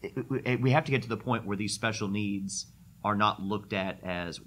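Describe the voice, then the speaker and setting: Low-voiced man, conversational. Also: fairly bright tone, slight background noise. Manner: conversational, with frequent "uh" pauses. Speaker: conference speaker answering questions. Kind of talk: casual Q&A talk.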